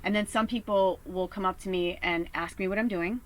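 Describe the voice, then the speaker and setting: A Chicago woman who works as a psychic medium tells a heated story in a casual vlog, swearing a lot and leaning on fillers like "you know" and "like." Her voice is medium-pitched with fairly even intonation, she talks a little fast, and the recording is rough.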